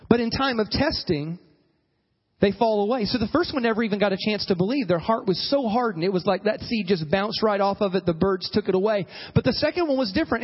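A man preaching a sermon as pastor, animated, acting out quoted voices and calling for amens. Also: high-pitched, slightly rough, big-room sound, highs cut off.

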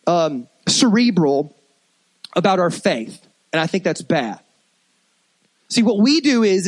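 This pastor delivers his sermon in an animated, conversational style, frequently restarting his phrases. His voice is high-pitched, and there's no echo.

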